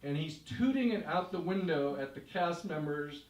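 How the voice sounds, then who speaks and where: A man performs a live story, speaking straight to the listener in a vivid, measured way. His voice sits a little high for a man. It reaches the mic from a distance and carries the echo of a big room. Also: expressive. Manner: second-person narration, vivid and measured. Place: stage in a hall. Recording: echoey room, voice from far off.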